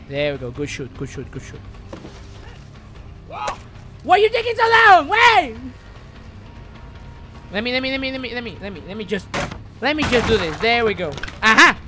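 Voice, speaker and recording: Bright-voiced excitable swearing gamer man. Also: high voice. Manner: swearing, excitable, talks to the game. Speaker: streamer. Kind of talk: live gameplay commentary.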